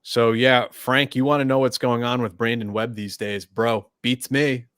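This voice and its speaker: American guy chatting on a podcast, repeats himself a lot, mid pitch, dry sound. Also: moderate pace, clear, resonant tone, no room sound. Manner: relaxed, stammers and repeats words. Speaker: podcast guest, veteran and journalist. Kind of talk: casual chat.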